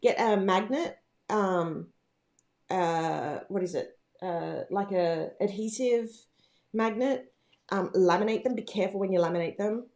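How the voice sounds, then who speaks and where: A woman's voice: medium pitch, a little slow, darkish tone. A woman hosting a casual livestream from home, chatting in a rambling, bubbly way with lots of fillers. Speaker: livestream host, planner business owner.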